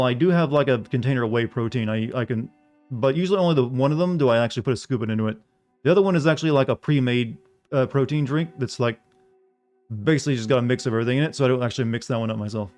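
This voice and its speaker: A man's voice: medium pitch, darkish tone. A young man streaming a video game, chatting casually with viewers in a rambling way, full of filler words. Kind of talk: casual gameplay chat with viewers.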